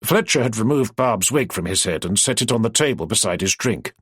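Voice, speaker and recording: A man narrating an audiobook in an expressive storytelling way. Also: lowish voice, a little fast, breathy edge, dry recording, clean studio sound.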